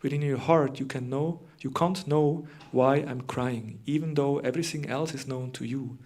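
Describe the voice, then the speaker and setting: A man's voice: medium pitch, steady tone, moderate pace, darkish tone, natural voice. A man voicing a devoted queen who speaks earnestly and tenderly to her husband, in a raised voice.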